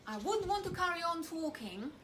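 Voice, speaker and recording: A woman's voice: extremely high pitch, sing-song, normal speed, background noise. A woman presenting a children's church object lesson, chatty and playfully acting worried, with small restarts.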